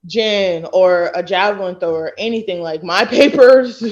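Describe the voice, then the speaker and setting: Here a former college thrower from Texas, late twenties, speaks in a mid-range voice at ordinary speed. As a guest in a relaxed podcast interview, she animatedly narrates stories and impersonates the people she quotes. The audio is muffled and lo-fi.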